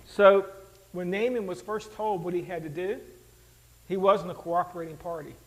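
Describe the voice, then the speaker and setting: Male pastor, very high voice, conversational animated sermon delivery. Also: normal speed, poor audio. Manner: animated, conversational, rhetorical questions to the congregation.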